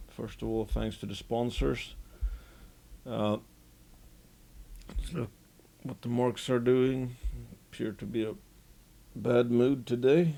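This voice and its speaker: Slow gravelly-voiced man. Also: fairly low pitch, mellow. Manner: unhurried, rambling with restarts and fillers. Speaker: investing commentator. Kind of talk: casual market commentary.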